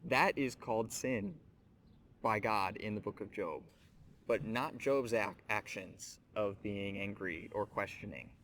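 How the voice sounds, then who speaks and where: A man's voice: lowish voice, unhurried, a bit bright, slight background noise. A man hosting a scripture teaching show, speaking earnestly and reflectively, addressing the listener directly. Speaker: host of a Bible teaching show.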